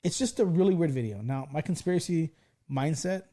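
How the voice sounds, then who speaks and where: A man's voice: a little high, lively intonation, fairly quick, warm tone. A man in his forties hosting a casual podcast, telling stories animatedly and swearing freely. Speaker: podcast host. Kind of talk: casual chat.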